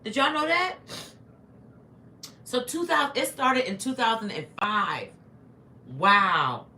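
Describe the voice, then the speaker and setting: Speaking slowly in a fairly high, bright, and forceful voice with lively intonation, a middle-aged woman chats with viewers as she eats on a home livestream. It's recorded by phone in an echoey room with faint noise.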